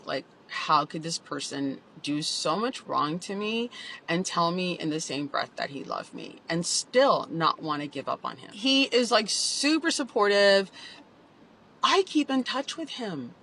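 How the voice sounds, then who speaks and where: A woman's voice: fairly low pitch, pushed and bright, slight background noise, rough recording. A woman telling her own story in a candid vlog, emotional and confessional, with lots of "like".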